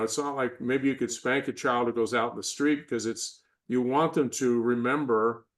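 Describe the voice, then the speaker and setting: An older man talking through ideas in a podcast interview, in a measured and reflective way. He slips into short acted voices to show what he means. His pitch sits mid-range for a man. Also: a bit bright. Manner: reflective, measured, acts out inner and parental voices. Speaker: guest, performance psychologist. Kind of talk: conversational interview.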